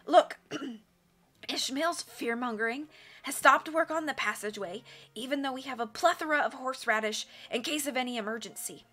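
A woman's voice: sits high, moderate pace, a bit bright. A woman doing a wheezing bookish teenage boy. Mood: wheezy, strained. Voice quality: rough and wheezy.

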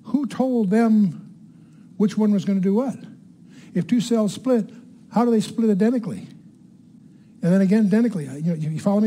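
A man's voice: sits high, warm tone, a little hiss or hum. An older man giving a Bible teaching to a room, emphatic, repeating key words and putting questions to his listeners. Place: room with a live audience.

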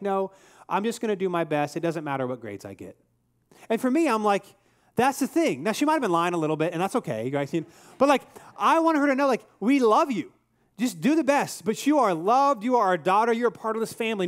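A man in his thirties preaching a sermon as pastor, conversational and earnest, weaving in personal stories. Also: high-pitched.

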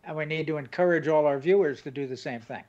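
An older man co-hosting a casual chat, reminiscing and hesitant, with many pauses. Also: a little high, darkish tone. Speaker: co-host. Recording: dull lo-fi sound.

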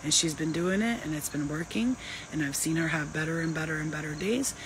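A woman's voice: sits low, fairly quick, background noise. Emphatic, profane woman giving spiritual advice. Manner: emphatic, profane, slangy and animated. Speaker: spiritual healer. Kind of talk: casual spiritual advice talk.

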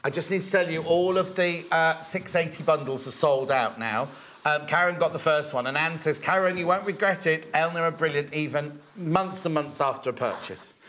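A man's voice: on the high side, normal speed, fairly bright tone, a little hiss or hum, low-quality recording. A man presenting a live shopping broadcast, asking questions and reading out viewer messages. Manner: curious, asks questions, reads out viewer messages.

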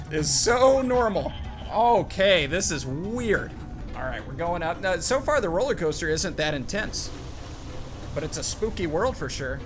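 A young man giving jokey, excited commentary as he plays a game, chatting to his companion and yelping at scares. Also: fairly high pitch. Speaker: gaming YouTuber. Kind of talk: excited let's-play commentary.

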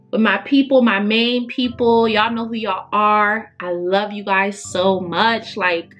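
A woman in her early twenties chatting casually to camera as a beauty vlogger, emphatic and full of fillers. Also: medium pitch. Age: 20s.

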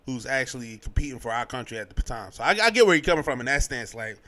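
A young man hosting a podcast, giving his sports opinions in a casual, animated way, full of slang and restarts. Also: mid-range voice, quick pace. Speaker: podcast host.

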